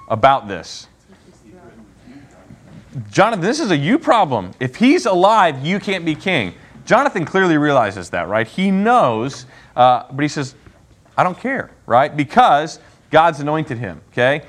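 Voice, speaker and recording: A man leads a laid-back Bible lesson for a class. He talks in a lively, joking way and keeps asking his listeners questions. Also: medium pitch.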